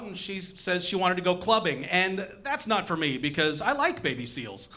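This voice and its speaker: A young man performing a stand-up comedy set on a club stage, animated and acting out the voices of the people in his jokes. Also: high-pitched, moderate pace, few pauses, over a noisy crowd. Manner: animated, acts out voices and punchlines.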